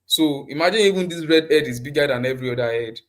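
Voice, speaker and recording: A man's voice: a little high, fast talker. A man teaching a live online design class over a computer mic, often repeating himself and asking the class questions. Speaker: design instructor.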